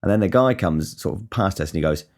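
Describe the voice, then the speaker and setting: Low-voiced man rambling. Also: expressive, fast talker, a little mellow. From England. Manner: rambling, swears freely, frequent restarts. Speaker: podcast host. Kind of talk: casual storytelling monologue.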